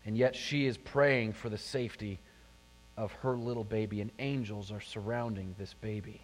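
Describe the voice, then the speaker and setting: A man's voice: fairly low pitch, moderate pace. A middle-aged man preaching a sermon to a congregation, telling stories and asking the listeners questions. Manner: storytelling, animated, addresses the congregation with questions. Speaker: pastor. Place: church sanctuary. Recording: long hall reverb.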